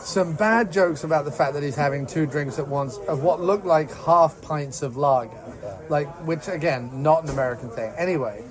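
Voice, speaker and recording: A man with a slightly high voice rants about a film in casual podcast chat. He acts out scenes with quick voices and keeps the talk lively. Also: a crowd in the background. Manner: animated, ranting, quotes scenes in voices. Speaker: podcast co-host.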